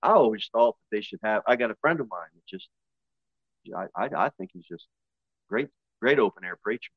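A man with a Northern US accent, a pastor giving a sermon in a conversational style with quick asides and voiced impressions. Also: on the low side, lively intonation, husky, no room sound, dull audio. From northern United States.

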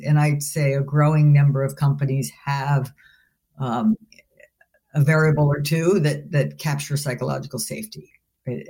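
Speaking as an interview guest, a female business school leadership professor explains her answers thoughtfully, with frequent restarts and "you know." Her voice sits low and sounds mellow.

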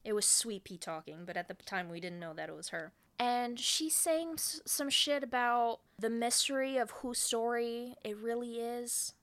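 A woman's voice: fairly high pitch, moderate pace, hardly any pauses, a bit bright. A woman co-hosting a podcast, retelling a film in casual chat, full of "like" fillers and acting out the characters' lines. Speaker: podcast co-host recapping a film.

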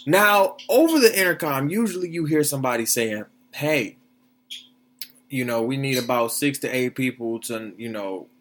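A young man hosting a solo podcast, animated, blunt and profane, often asking if you follow him. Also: medium pitch, moderate pace. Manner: animated, blunt and profane, keeps asking "you understand what I'm saying?". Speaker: podcast host. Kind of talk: casual solo podcast commentary.

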